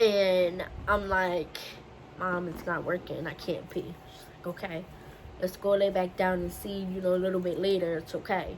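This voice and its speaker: A woman's voice: on the low side, a little hiss or hum, rough recording. A young woman vlogger telling a personal story in a candid, casual way, slipping into the voices of the people she quotes. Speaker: beauty vlogger.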